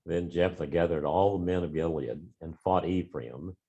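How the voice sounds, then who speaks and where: A man in a Bible class reading scripture aloud in a steady, measured way. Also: deep voice. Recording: dull, muffled room recording.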